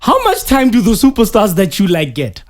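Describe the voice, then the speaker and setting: A man's voice: sits high, very animated, moderate pace, no room sound, studio quality. A man co-hosting a casual wrestling podcast, arguing in a combative, mock-angry way and laughing. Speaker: podcast co-host.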